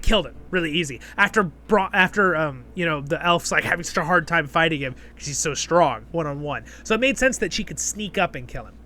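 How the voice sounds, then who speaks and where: A host and show reviewer gives a casual spoken review in a high, bright, forceful voice. He's chatty and rambling, full of fillers, and keeps checking in with "right?"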